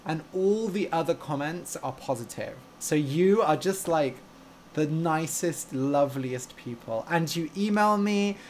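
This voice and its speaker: A man's voice: fairly high pitch, lively intonation, unhurried, slight background noise. A young man who teaches English and hosts a podcast. He chats casually with learners on a live stream, gushing and playful, and laughs easily.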